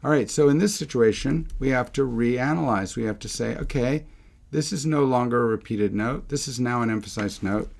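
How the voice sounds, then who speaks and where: A man's voice: mid-range voice, moderate pace, gravelly, a little mellow. A middle-aged man teaching a music theory lesson, talking through examples, asking himself questions and correcting himself as he goes. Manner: thinking aloud, rhetorical questions, self-corrections.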